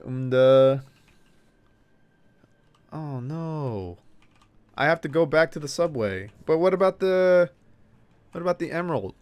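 Excitable man yelping through a game. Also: a little high, unhurried, long pauses, clear, resonant tone, dry recording. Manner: excitable, yelps and cheers at the game; banters with and scolds game characters. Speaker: gaming streamer. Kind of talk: let's play commentary.

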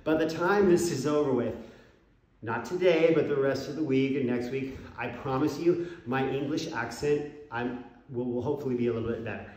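A man's voice: medium pitch, normal speed, a little mellow. A man leading a home workout as a fitness coach, counting out reps and encouraging the listener. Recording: very echoey room, mic far off.

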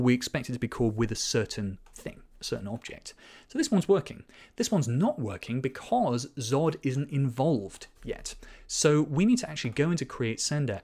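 A man's voice: medium pitch, darkish tone. A man giving live-coding commentary, thinking aloud as he programs, reading code out and correcting himself as he goes. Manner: quick self-corrections and asides. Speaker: programming teacher.

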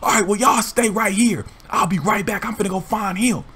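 A man's voice: high-pitched, fairly quick, bright, forceful tone, slightly rough, pitched above the performer's own voice, heavily acted. A man putting on an angry scolding grown man. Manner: scolding, heated.

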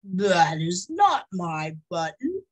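A woman's voice: on the low side, big pitch swings, takes it slowly, breathy edge, full character voice. A woman voicing a fussy, grumpy little male toad who complains and wails, for a storybook reading. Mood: stubborn. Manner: complaining, wailing.

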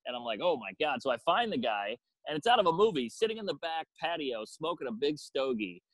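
A stand-up comedian tells a story with a lot of energy. He jumps into squeaky, overdone voices for the people in it. His voice sits a little high for a man and sounds dry and close. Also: fairly quick, no echo, low-quality recording. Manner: animated storyteller acting out characters in exaggerated voices. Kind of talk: casual storytelling chat.

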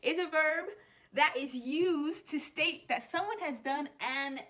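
A woman's voice: sits high, slow pace, bright, forceful tone. A young adult woman teacher hosting a playful web show, explaining slang in a chatty way and laughing often.

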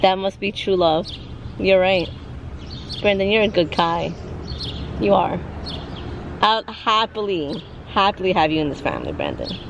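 A woman vlogging her family life in an animated, excitable way, switching between English and Spanish. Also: mid-range voice, unhurried, creaky, pauses often, muffled recording, a little hiss or hum. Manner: animated, excitable, bursts into yelps and laughs. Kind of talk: casual family vlog chat.

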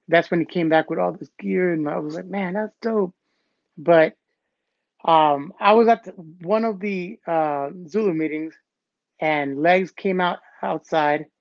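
A man guest recounting old stories in a casual, animated way, acting out what others said. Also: on the high side, gravelly, no echo. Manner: animated, acts out quotes from others. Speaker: interview guest, b-boy. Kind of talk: casual storytelling. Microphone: phone or call audio. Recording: dull, dry call audio.

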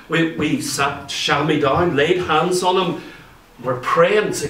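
A man with an Irish accent preaching a sermon, telling stories in a lively way and acting out what people said. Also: fairly high pitch, unhurried, slight background noise. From Ireland. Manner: lively storytelling, acts out quoted speech. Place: church. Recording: echoey church room, mic at a distance.

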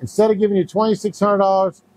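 A man's voice: high-pitched, little pitch movement, fast talker, a little mellow, pitched above the performer's own voice, lightly acted. A man retelling the words of a pushy, wheedling older male buyer while telling a story.

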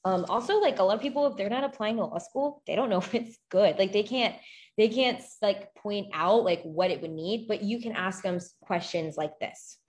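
A woman's voice: mid-range voice, normal speed, a little mellow. A young woman talking casually to a group as a law school admissions tutor, chatty and full of fillers. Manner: chatty, many fillers and quoted questions. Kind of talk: casual talk to a live group.

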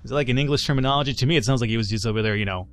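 A man's voice: medium pitch, very fast, a bit bright, clean tone, faint music behind. A man casually commentating a game he plays, chatty and joking, reading dialogue in voices. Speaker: gaming YouTuber. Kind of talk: let's play commentary.

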